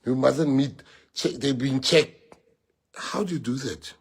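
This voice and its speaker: Brief: forceful South African party leader, husky mid-pitched man, repeats lines for emphasis. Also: takes it slowly. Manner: emphatic, repeats phrases, mixes in Afrikaans. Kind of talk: rallying address to party members.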